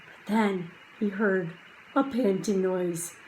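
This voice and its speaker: A woman reading a children's chapter book aloud, slow and hushed at quiet moments and lifting her voice for drama. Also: mid-range voice, a little hiss or hum, poor audio. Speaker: audiobook reader.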